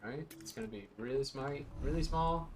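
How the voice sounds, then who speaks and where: A man's voice: mid-range voice, moderate pace. A man hosting a let's play with casual gameplay commentary, rambling and joking at his own expense. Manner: joking, rambling and self-mocking.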